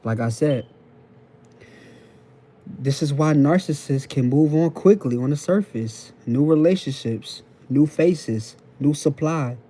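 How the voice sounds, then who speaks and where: A man's voice: fairly high pitch, warm tone. A man hosting a phone live stream, lecturing viewers in casual slang and repeating each point while checking in with them. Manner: repetitive, preachy, keeps checking in with the audience. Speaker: TikTok live host.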